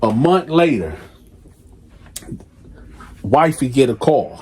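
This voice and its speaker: A man's voice: medium pitch, animated, takes it slowly, darkish tone. A man telling a story in a casual, conversational way, full of "or whatever" asides.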